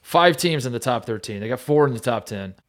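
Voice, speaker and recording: Brief: young male podcast co-host, middle-pitched voice, sarcastic casual sports talk. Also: animated, fairly quick. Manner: wry, sarcastic, trails off quietly.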